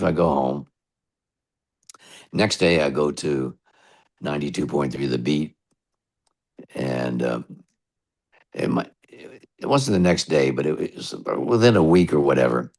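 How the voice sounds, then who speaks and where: A middle-aged man with a very deep voice and a gravelly edge tells his stories slowly. He wanders off on asides and comes back to the thread in a relaxed interview manner. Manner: relaxed, rambling anecdotes with asides. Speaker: radio DJ guest. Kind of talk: storytelling interview.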